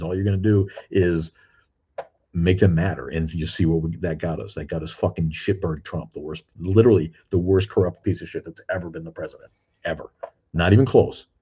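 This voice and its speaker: An older livestream host with a low, husky voice rambles through a casual stream, reading comments aloud and swearing bluntly. The sound comes from streaming cameras and is dull and lo-fi.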